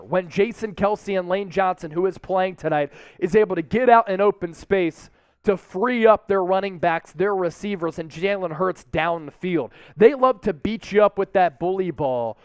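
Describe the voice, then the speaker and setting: High, smooth-voiced man hosting a watch party. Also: no echo. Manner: upbeat, reads out chat shout-outs. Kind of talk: live-stream pregame watch party. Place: sports studio.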